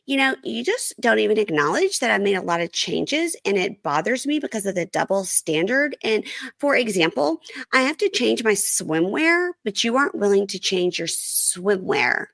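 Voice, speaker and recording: A woman's voice: mid-range voice, big pitch swings, normal speed, vocal fry, fairly bright tone, dry recording, clean studio sound, voice pushed up, exaggerated voice. A woman voicing an indignant, demanding young wife while recapping a reality show. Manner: quoted in a casual recap.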